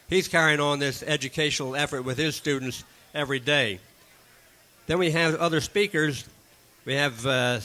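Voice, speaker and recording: A man announcing upcoming speakers and an event, talking in a halting way with many fillers. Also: a little high, bright, forceful tone. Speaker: event organizer making announcements.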